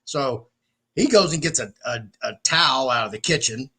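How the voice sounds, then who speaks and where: Lively, bright-voiced male podcast host. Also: medium pitch, normal speed, husky. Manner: animated, swears freely, acts out quotes. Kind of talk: casual storytelling.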